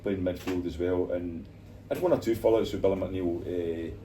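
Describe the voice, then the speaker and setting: Deep-voiced older Scottish man in a bar. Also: normal speed. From Scotland. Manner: animated anecdotes, acts out quoted voices. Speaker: former footballer guest. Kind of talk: storytelling interview in a bar. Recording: distant mic, noisy bar.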